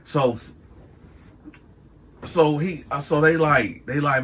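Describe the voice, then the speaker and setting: Animated man telling a story. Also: medium pitch, a little slow, slight background noise. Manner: animated, acts out other people's lines in raised voices. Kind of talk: casual storytelling.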